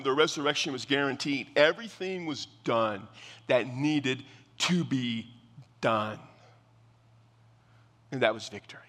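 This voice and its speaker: A man's voice: mid-range voice, bright, forceful tone. A man preaching a sermon as pastor, earnest and emphatic, often repeating his phrases. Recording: long reverb of a large hall.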